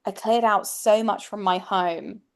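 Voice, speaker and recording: A woman's voice: mid-range voice, steady tone, unhurried, gravelly. A woman astrologer, a guest on a podcast, speaking reflectively in casual chat and often restarting her thoughts.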